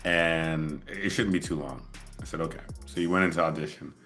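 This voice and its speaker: A man hosting an interview, telling a relaxed story in casual chat and laughing often. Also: extremely low pitch, brisk, faint music behind. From moved to LA as an adult. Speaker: podcast host.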